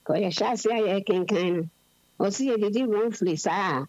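A woman preaching a sermon in an unhurried, explanatory way, switching freely between languages. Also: mid-range voice, a little mellow, dry recording. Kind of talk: sermon mixing Twi and English. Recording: dull lo-fi recording.

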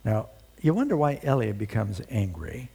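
A man's voice: on the low side, very animated, moderate pace, vocal fry, dark tone, breathy edge. A male preacher giving a sermon, retelling a story with dramatic storytelling and rhetorical questions.

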